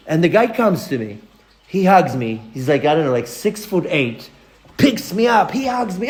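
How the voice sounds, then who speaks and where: A man, a rabbi, giving a lecture as a lively personal story, acting out the voices of the people in it. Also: high-pitched, normal speed. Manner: animated storyteller acting out dialogue.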